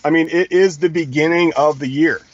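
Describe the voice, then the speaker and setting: A man's voice: on the high side, fairly even intonation, brisk, no room sound, muffled recording. A man co-hosting a live stream, lecturing emphatically in casual talk. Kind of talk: casual talk-show commentary.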